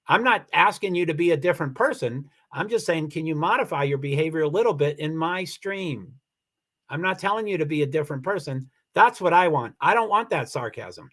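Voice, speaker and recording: A man hosting his own livestream, reading viewer comments aloud in casual talk, halting with many restarts and turning firm and insistent. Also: fairly high pitch, expressive, a bit bright. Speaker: livestream host.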